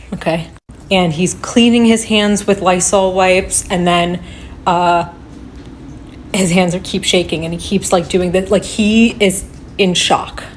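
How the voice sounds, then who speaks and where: A woman giving unscripted reaction commentary, agitated and swearing, shaken and halting as she talks. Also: lowish voice. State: shaking with upset. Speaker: reaction video creator.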